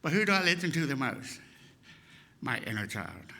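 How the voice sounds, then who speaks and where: A man in his sixties telling funny stories from the pulpit, slightly high voice with a very forceful, sharp edge, acts out the people he quotes as he goes. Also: moderate pace. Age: 60s. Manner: lively storyteller who acts out the people he quotes. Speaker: guest speaker. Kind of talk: humorous personal storytelling sermon.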